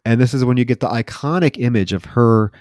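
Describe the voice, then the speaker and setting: A man's voice: mid-range voice, fairly quick, dry recording. A man co-hosting a podcast, casually retelling a horror movie's plot with lots of swearing and quoted lines. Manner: profane, animated retelling with quoted voices. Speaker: podcast co-host.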